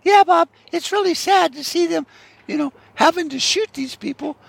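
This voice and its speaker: A man voicing a cheery, callous female TV news co-anchor in a high falsetto as a mocking bit in a podcast rant. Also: normal speed, creaky, fairly bright tone, no room sound, heavily acted. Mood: fake cheerful. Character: chirpy woman TV news co-anchor.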